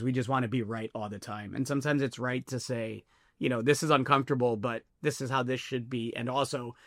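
A man's voice: medium pitch, fairly bright tone, no room sound, clean studio sound. A man co-hosting a podcast, talking earnestly to listeners, often restarting his words. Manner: earnest, addresses listeners as folks, stammering restarts. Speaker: podcast co-host. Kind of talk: casual podcast discussion.

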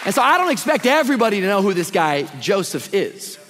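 High-voiced casual man preaching in a hall. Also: big pitch swings, quick pace, a crowd in the background, noisy background. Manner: casual and slangy, preaching with energy. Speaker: guest pastor. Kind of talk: live sermon. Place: church sanctuary with a congregation. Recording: long reverb of a big hall.

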